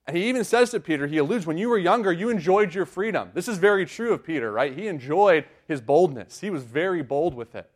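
A man's voice: fairly high pitch, animated, fast talker, few pauses. A young man preaching a sermon in an earnest, conversational way, often checking in with "right?".

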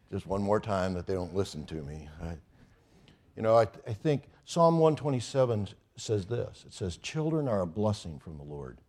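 A middle-aged man, a pastor, preaching a sermon and telling a story with growing excitement. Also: fairly low pitch. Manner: storytelling, animated with rising excitement.

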